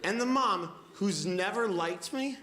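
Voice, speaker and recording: A man in his twenties doing a stand-up set, telling quick self-deprecating stories with sudden loud outbursts. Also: sits high, animated. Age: 20s. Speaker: stand-up comedian. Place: comedy club stage with live audience. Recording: echoey club with audience noise.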